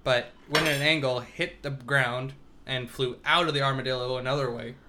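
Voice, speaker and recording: A woman co-hosting a casual chat, quick with jokes and exclamations. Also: extremely low pitch, fairly even intonation, background noise. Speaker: podcast co-host.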